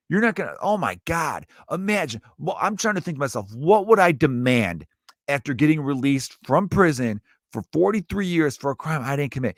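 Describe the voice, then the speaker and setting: A man's voice: on the high side, no echo, clean studio sound. Ranting, profane male comedian podcaster. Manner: ranting, profane, jumps between topics.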